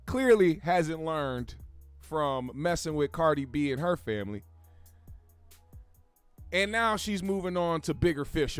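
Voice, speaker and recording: A man's voice: a little high, clean tone, dry recording. A young man hosting a casual pop-culture commentary show, talking in a profane, rambling way with frequent restarts. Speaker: host.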